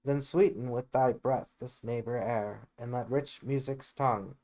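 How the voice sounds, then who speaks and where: A man's voice: medium pitch, fairly even intonation, a little slow, a little mellow, lightly acted. A man voicing an ardent young lover in an amateur reading of a Shakespeare play. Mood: adoring.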